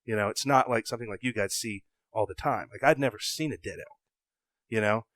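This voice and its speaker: Excitable man telling a story. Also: on the low side, fairly quick, no echo. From American South. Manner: excitable, swings from loud bursts to hushed asides; acts out his own past thoughts in quoted lines. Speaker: podcast guest. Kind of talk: animated storytelling.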